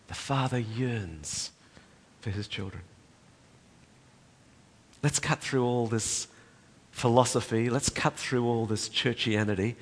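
An older man preaching a sermon, swinging between loud emphatic peaks and soft, hushed passages. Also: lowish voice, a little slow. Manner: impassioned, rising to loud emphatic peaks then dropping soft. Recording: reverberant hall.

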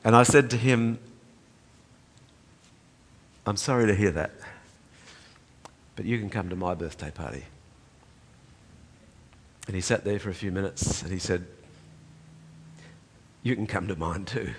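Older male preacher, impassioned sermon, loud peaks and hushed drops, long hall reverb. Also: lowish voice, a little slow, long pauses, slight background noise. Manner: impassioned, rising to loud emphatic peaks then dropping soft.

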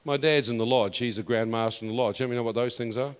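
A man preaching a testimony sermon, emphatic and building to loud declarations. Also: medium pitch, fast talker, clean tone. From New Zealand. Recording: long reverb of a hall.

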